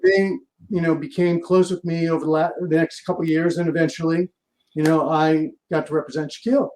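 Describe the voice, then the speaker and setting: High-voiced man telling lively anecdotes. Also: quick pace, slight background noise. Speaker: guest, sports agent. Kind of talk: interview storytelling.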